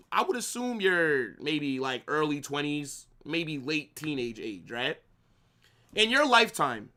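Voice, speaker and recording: A man's voice: fairly high pitch, bright, forceful tone. A man streaming a live football watch-along, arguing with his chat in a brash, trash-talking way, swearing freely and calling viewers bro and brother.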